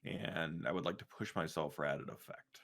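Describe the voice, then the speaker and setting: A man playing a tabletop game, speaking in a measured way with many "you know"s. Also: rumbling low, vocal fry, a bit bright. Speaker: player.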